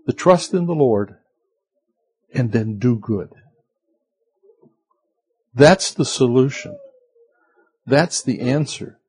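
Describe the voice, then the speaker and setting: Husky-voiced man preaching slowly. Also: medium pitch, lively intonation, darkish tone. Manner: unhurried, conversational preaching with rhetorical questions. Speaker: pastor. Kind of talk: sermon.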